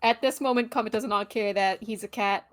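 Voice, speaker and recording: A woman's voice: medium pitch, steady tone, brisk. A woman playing a tabletop game, hesitant and searching for words as she describes her character. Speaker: player. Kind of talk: casual tabletop game play.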